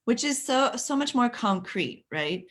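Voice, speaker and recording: A woman's voice: a little high, big pitch swings, a little slow. A woman leading a live parenting workshop who chats with viewers by name, often restarting her sentences. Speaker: parenting coach.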